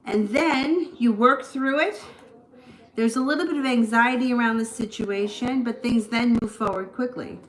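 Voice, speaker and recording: A woman's voice: a little high, normal speed. A woman giving a casual live tarot reading, chatty and prone to rambling asides. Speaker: tarot reader. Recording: echoey room.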